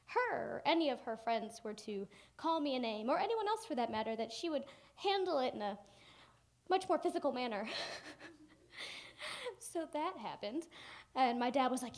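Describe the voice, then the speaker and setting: A young woman delivers a keynote in a fairly high voice, animated and humorous as she acts out the people in her story. She speaks as a storyteller addressing a conference audience. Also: normal speed. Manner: animated and humorous, acting out family members. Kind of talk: personal storytelling speech. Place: conference hall.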